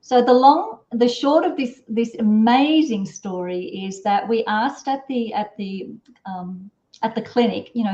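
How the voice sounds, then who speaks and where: A woman's voice: mid-range voice, normal speed, warm tone, roomy sound, lo-fi sound. A middle-aged woman telling a long personal story as an interview guest, chatty and rambling, with many fillers and restarts. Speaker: parenting strategist guest.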